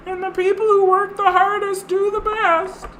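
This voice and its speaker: Man doing a squeaky, smug, sing-song lecturer voice. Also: level tone, normal speed, pushed and bright, a little hiss or hum. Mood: mocking. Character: smug right-wing man preaching hard work.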